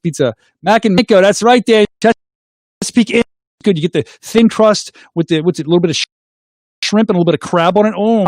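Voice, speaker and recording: A middle-aged man, hosting a casual call-in show, goofy and excitable, making silly sound effects. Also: on the high side, dry recording, clean studio sound. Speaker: host of a call-in livestream show.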